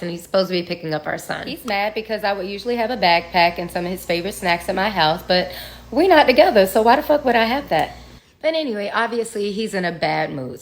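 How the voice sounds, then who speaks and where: This woman's fairly low, fairly bright voice delivers a frank personal story aimed right at her viewers. She swears now and then and drops in conversational fillers as she talks candidly.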